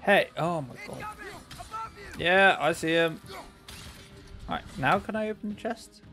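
A man talks through his gameplay in an unhurried, gravelly voice pitched a bit high. He is sarcastic and chatty, teasing the characters on screen. Quiet game music sits under him. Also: expressive. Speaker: let's play gamer. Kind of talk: casual gameplay commentary.

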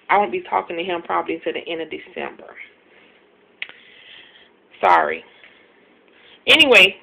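A woman in a casual home haul video, talking quickly and chattily about her shopping with many ums and self-deprecating asides. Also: mid-range voice, a bit bright. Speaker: couponing vlogger showing a grocery haul. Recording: tinny phone-like sound, faint hiss.

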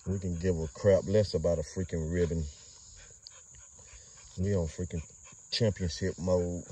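Low-voiced man rambling loosely outdoors. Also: steady tone, a little slow, mellow, husky, recorded from a distance. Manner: loose, rambling street talk with laughs. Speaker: dog breeder filming his kennel. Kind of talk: casual outdoor vlog narration.

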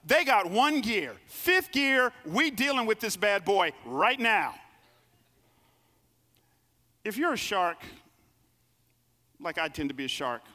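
Male pastor, lively storytelling sermon, high bright voice, reverberant sanctuary. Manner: lively storytelling preacher, acts out quoted voices. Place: church sanctuary. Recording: long reverb of a large hall.

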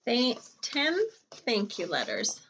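A woman teacher reading a picture book aloud to children, chatting and explaining as she goes. She speaks slowly with a slightly raised voice. The recording is dull and lo-fi. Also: on the high side, huge pitch swings, bright, forceful tone, slight background noise.

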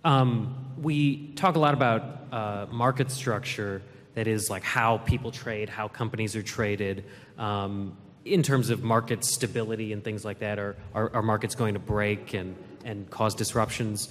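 A man moderating an onstage fireside chat, asking long questions in a halting, searching way. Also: on the low side, fairly even intonation, a bit bright. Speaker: moderator, journalist. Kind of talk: interview questions on a stage. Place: event hall. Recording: long hall reverb.

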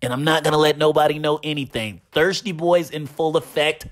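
A man's voice: on the high side, a little fast. A man hosting a gaming channel, mockingly recounting online drama with a repeated catchphrase.

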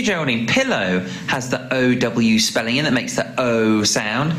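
A man's voice: medium pitch, expressive, moderate pace, few pauses, a bit bright. A man teaching phonics with a puppet, teasing and full of mock surprise. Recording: echoey room with background noise.

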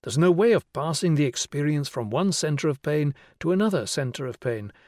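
A man doing a lively young schoolteacher. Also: on the high side, no echo, clean studio sound, lightly acted. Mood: lecturing. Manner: brisk explaining, questioning a class. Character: young male teacher, patient and playful. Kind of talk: audiobook character reading.

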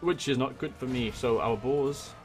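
A man from Wales with a Welsh accent, giving excitable let's-play commentary on a strategy game into a desk microphone, swearing and muttering to himself as he plays. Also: mid-range voice, moderate pace, soft background music. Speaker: gaming YouTuber. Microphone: desk USB microphone.

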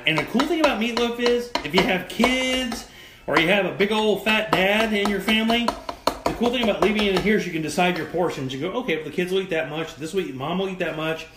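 A man hosting a live cooking show, talking in an animated, emphatic, joking way while he cooks. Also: high voice, roomy sound, heavy background noise. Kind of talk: live cooking demo chat.

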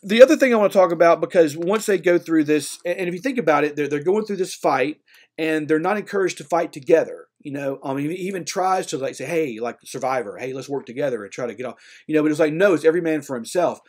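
A fast-talking man with a fairly high voice lectures a literature class conversationally, often checking in with "okay?" and "right?". He's animated and acts out voices when retelling stories.

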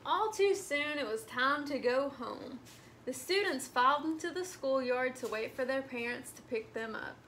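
A woman librarian reading a storybook aloud to children in an animated way, speaking to them directly. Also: sits high, a little hiss or hum.

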